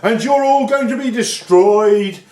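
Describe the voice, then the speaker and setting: A man voicing a grumpy, sulking male prophet who shouts petulantly, recorded in an echoey room. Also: on the high side, lively intonation, slow, far from the mic. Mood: scolding.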